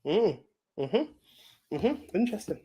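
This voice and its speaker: A man's voice: high voice, sing-song, takes it slowly, slightly rough, dull audio. A man co-hosting a casual movie podcast, easygoing and chatty, laughing along with his friend. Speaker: podcast co-host. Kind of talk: casual chat.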